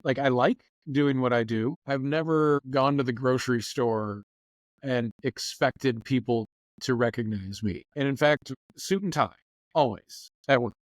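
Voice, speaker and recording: A man, a news anchor, telling lively anecdotes as a podcast guest and acting out the people he quotes. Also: mid-range voice, measured pace, no room sound. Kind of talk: casual interview storytelling. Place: lives in Florida.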